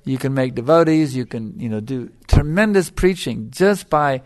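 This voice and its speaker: A man's voice: mid-range voice, lively intonation, moderate pace, dry recording. A middle-aged man giving a devotional lecture as a spiritual teacher, emphatic and repeating his phrases for stress.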